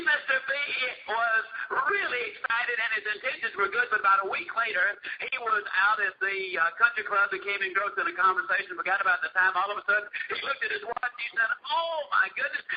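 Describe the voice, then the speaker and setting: Man, motivational speech, dramatic storyteller, high voice, muffled lo-fi tape, faint hiss. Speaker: motivational speaker.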